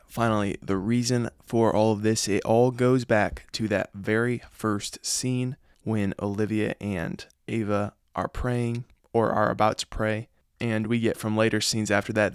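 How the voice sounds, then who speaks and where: A man giving an earnest, reflective spoken review of a drama episode, often pausing to muse and admitting he is unsure. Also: lowish voice, clear, resonant tone, dry recording, clean studio sound.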